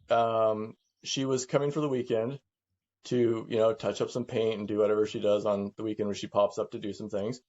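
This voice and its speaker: A middle-aged man speaking candidly as a guest, halting and reflective, often repeating words as he works through his thoughts. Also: on the low side, a little mellow, highs cut off. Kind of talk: candid conversation.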